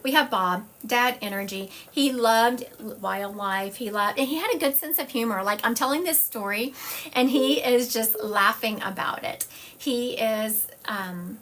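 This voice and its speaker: A woman psychic medium talks through a live-stream reading from home, chatty and wandering into side stories. Her voice sits fairly high, and a faint hiss runs under the phone recording. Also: measured pace, fairly bright tone. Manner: chatty, digressive, jumps between stories.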